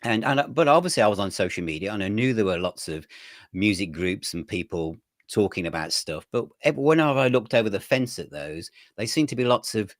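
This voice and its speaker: A man, a magazine editor, chatting as an interview guest and telling his story in a relaxed, rambling way. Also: on the low side, fairly quick, dry recording, clean studio sound. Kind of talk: casual interview chat.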